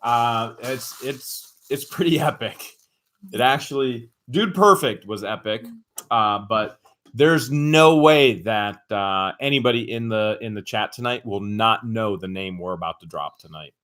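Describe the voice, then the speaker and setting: A man co-hosts a casual livestream chat, upbeat and playful as he hypes an announcement. His voice is fairly low and slightly bright, and he takes his time.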